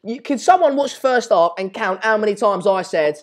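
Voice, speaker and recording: A man's voice: high-pitched, animated, a little fast. A man hosting a live football chat stream, ranting in an exasperated way and repeating himself. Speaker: live match chat host.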